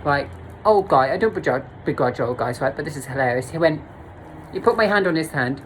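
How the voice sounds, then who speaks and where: A woman's voice: sits low, animated, a little fast, a little hiss or hum, rough recording. A woman telling a blunt, sweary, self-mocking story to camera as a vlogger. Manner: blunt, sweary, laughs at herself. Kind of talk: candid storytime monologue.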